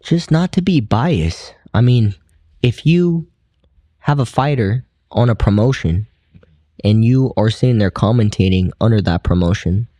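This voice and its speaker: A man's voice: fairly low pitch, mellow, dry recording. A young man who boxes professionally, a guest on an interview show, talking in a laid-back, slangy way and often adding "you know". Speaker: pro boxer, guest. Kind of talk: casual interview chat.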